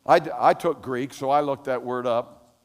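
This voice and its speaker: An older man preaching a sermon as pastor, telling animated stories that rise to loud exclamations. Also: mid-range voice, moderate pace, long reverb tail.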